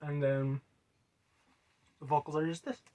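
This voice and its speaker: A man casually explaining how he made his own song, rambling loosely with many fillers and quiet trailing asides. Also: a little high, flat delivery, measured pace. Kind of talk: casual music breakdown.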